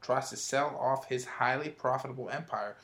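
A man's voice: medium pitch, normal speed, a bit bright. Man hosting a movie chat. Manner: leads segments, teasing. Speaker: host. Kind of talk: casual chat.

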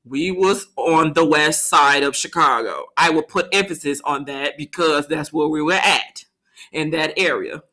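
Animated woman telling a story. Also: low-pitched, measured pace. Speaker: podcast co-host. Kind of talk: casual storytelling chat.

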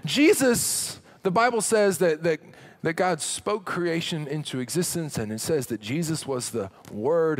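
A middle-aged man preaching a sermon as pastor, humorous and conversational, with dramatic drops to a hush. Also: high-pitched.

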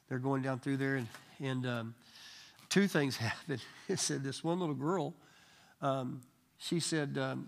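A man teaching a Bible study to a live group, telling stories in a casual, animated way and acting out the people he quotes. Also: mid-range voice, vocal fry. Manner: animated storyteller, acts out quoted voices. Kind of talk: casual church teaching with storytelling.

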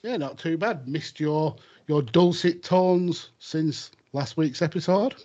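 A man's voice: on the high side, slow, darkish tone. A man hosting a casual comedy podcast, with dry, teasing humour. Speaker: host. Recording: dull lo-fi sound.

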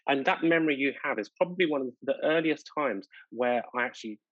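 British guy in an interview, husky voice, reflective, says "sort of" a lot, dull dry lo-fi sound. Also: mid-range voice, expressive, quick pace, fairly bright tone, no echo. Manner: reflective, frequent hedging fillers like "sort of" and "you know". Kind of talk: personal storytelling in conversation.

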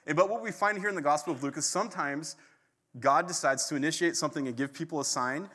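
A man preaching a sermon in a casual, animated storytelling way. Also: on the high side, fast, slightly rough. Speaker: pastor. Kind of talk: conversational sermon.

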